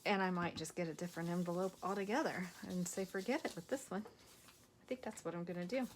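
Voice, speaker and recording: A soft-spoken woman with a fairly low voice chats her way through a crafting project, tired and unhurried. She often drifts into a near whisper as she works. Faint background noise and small clicks sit under her voice. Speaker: crafting video host. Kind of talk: casual crafting chat.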